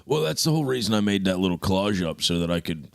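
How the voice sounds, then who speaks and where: Gravelly, low-voiced man telling stories. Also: fast talker, dry recording. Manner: animated storyteller, acts out quotes. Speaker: podcast co-host. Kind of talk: casual podcast chat. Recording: dry studio mic.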